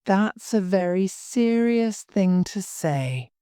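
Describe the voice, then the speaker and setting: A woman reading the part of a serious, calm male police inspector who asks steady, polite questions in a graded story reading. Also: medium pitch, slow, clear, resonant tone, no room sound, studio quality, voice pushed up.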